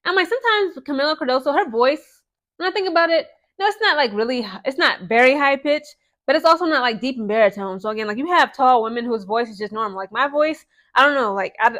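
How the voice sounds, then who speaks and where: A woman's voice: on the high side, fast talker. Chatty young woman vlogging about sports. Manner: chatty, animated, frequent "okay?" and "guys" asides. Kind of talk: casual vlog commentary.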